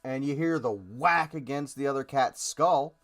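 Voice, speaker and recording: A man's voice: mid-range voice, moderate pace, creaky, a bit bright. A man with a mid-range voice speaks in a blunt, profane way on a casual podcast. He jokes around and reasons things out with his co-host. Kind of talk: casual chat.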